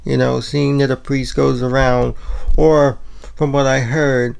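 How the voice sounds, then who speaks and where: In a home vlog filmed in his kitchen and bedroom, a man from Puerto Rico talks loosely, rambling and filling gaps with "you know" and "like." His mid-range voice is flat, measured, gravelly and a little mellow, with a clean tone.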